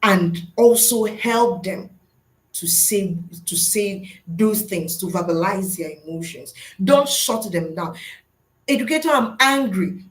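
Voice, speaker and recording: A woman's voice: fairly low pitch, slow, roomy sound, low-quality recording. A middle-aged woman, a school psychologist, giving a webinar lesson to teachers in an earnest, teacherly way and answering her own rhetorical questions.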